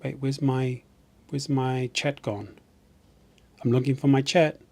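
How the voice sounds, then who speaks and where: A man's voice: mid-range voice, little pitch movement, slow pace, darkish tone. A man from New Zealand with a New Zealand accent, chatting casually on a live stream in a rambling way and often restarting his sentences.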